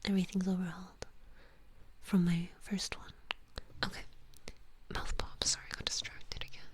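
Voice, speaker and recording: A woman streamer in whispered role-play, softly whispering and playfully scolding, close to the microphone. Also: fairly low pitch, flat delivery, moderate pace, long pauses, husky. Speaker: streamer and ASMR artist.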